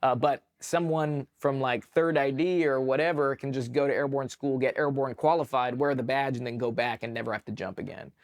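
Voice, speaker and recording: A young man from California tells stories casually as an interview guest. His pitch sits in the middle, and his speech rambles along with many "like"s. Now and then he leaps up to act out a shouted order. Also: brisk, few pauses. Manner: animated, acts out shouted quotes, many fillers. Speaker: podcast guest, army veteran.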